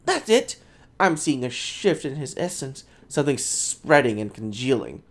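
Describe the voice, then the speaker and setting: Man plays eager female soul scholar, clinical, swooping high voice. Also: measured pace. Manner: excited, clinical, high-pitched. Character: fussy, eager woman scholar of souls.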